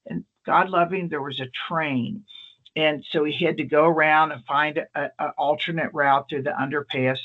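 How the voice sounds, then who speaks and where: A man working as an emergency nurse, telling stories in a casual, animated way and acting out the people he quotes. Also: fairly high pitch, moderate pace, lo-fi sound. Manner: animated anecdotal delivery, acts out quoted people. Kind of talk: casual storytelling talk.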